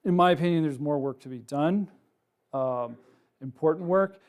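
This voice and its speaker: Animated man telling a story at a talk. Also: on the high side, moderate pace, clean tone. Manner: animated storyteller, casual, many ums and likes. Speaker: wildlife researcher giving a public talk. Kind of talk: public lecture with personal anecdote. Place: lecture room with a live audience.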